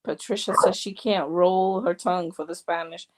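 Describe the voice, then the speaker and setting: A woman's voice: lowish voice, steady tone, normal speed, very noisy. A woman co-hosting a casual live chat, giggly, reading viewer comments aloud.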